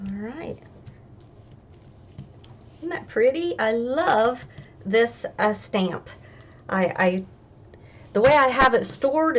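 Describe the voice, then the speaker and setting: A woman's voice: medium pitch, vocal fry, fairly bright tone, muffled recording, slight background noise. A woman hosting a craft tutorial, chatting casually as she talks through each step.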